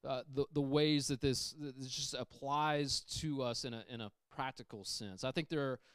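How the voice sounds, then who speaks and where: A man preaching a sermon, emphatic and repetitive, moving from loud passages down to hushed ones. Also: mid-range voice, steady tone, normal speed, clear, resonant tone, no room sound, clean studio sound. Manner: emphatic, repeats phrases, shifts from loud to hushed. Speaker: pastor. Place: church sanctuary.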